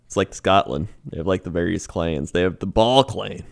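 Man, podcast co-host, laid-back and joking, fairly low voice, casual mock reports. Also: moderate pace, gravelly. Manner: laid-back, joking, frequent laughs and fillers. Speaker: co-host doing mock weather and sports reports. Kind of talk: casual comedy podcast banter.

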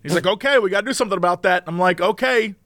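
A young man co-hosting a casual podcast, telling comic stories and doing quick impressions of the people he quotes. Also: sits high, a bit bright, dry recording, clean studio sound. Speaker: podcast co-host.

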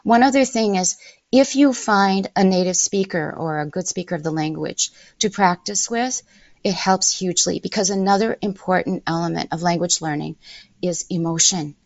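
A middle-aged woman giving measured, emphatic interview answers and laying out her points in order as a language-learning guest. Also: on the low side, no room sound, lo-fi sound.

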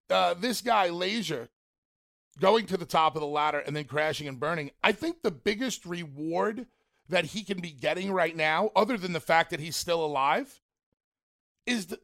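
Male radio co-host, animated, fairly high voice. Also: vocal fry. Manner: animated, builds up excitedly. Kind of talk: casual radio talk.

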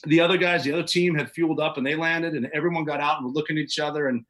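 A man's voice: fairly high pitch, steady tone, rapid-fire, fairly bright tone, poor audio. A man, a podcast guest, recounting events in casual, vivid, matter-of-fact storytelling with occasional chuckles.

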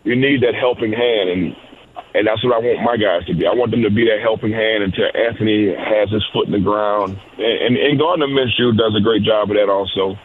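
A man's voice: on the low side, fairly quick. A man who coaches receivers answers an interview in an easygoing, rambling way. He keeps circling back with "you know" and repeated words. His voice comes through a narrow, phone-like line with faint background hiss. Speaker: wide receivers coach, guest.

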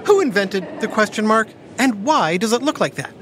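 A woman hosting a playful kids' educational podcast, talking like an animated storyteller. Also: medium pitch, moderate pace, slight background noise. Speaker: host.

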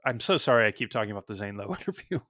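A man's voice: lowish voice, lively intonation, rapid-fire, a bit bright, dry recording, clean studio sound. A man hosting a casual music podcast, rambling a little with frequent ums and restarts. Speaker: podcast host.

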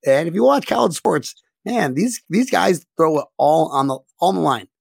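A playful man co-hosts a casual sports chat. He jokes and trips over his words as he goes. His voice is high and gravelly, and it sounds dry and close. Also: lively intonation, normal speed, no room sound. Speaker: podcast co-host.

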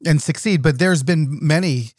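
A man who is an author and speaker, talking as an interview guest in an energetic, animated way and joking often. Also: a little high, moderate pace, dry recording, studio quality. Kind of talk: interview conversation.

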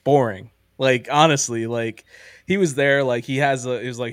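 Rambling, excited man in dry sound. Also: mid-range voice, moderate pace, no echo. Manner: enthusiastic, rambling, heavy use of "like" and "um". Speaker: podcast host. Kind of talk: casual movie-ranking chat.

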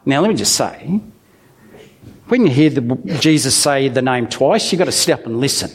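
A man's voice: mid-range voice, moderate pace. A man preaching a conversational sermon to a congregation, reading a Bible passage and then unpacking it with humorous asides. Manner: animated storytelling with humorous asides.

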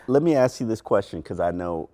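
A man's voice: fairly low pitch, expressive, a little fast, warm tone. A middle-aged man co-hosting a podcast in casual chat, thoughtful and a little hesitant, asking questions. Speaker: podcast co-host.

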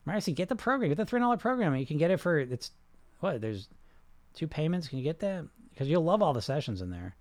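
A man hosting a live podcast, talking straight to his listeners in a rambling, emphatic way with lots of restarts. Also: on the high side. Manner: frequent restarts and "you know". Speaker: podcast host reading live comments. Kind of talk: live-streamed casual podcast talk.

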